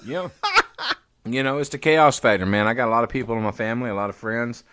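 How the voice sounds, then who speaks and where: Male podcast host; quick, profane, emphatic delivery; dry recording. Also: medium pitch, a bit bright, clear, resonant tone, no room sound. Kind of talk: casual podcast chat.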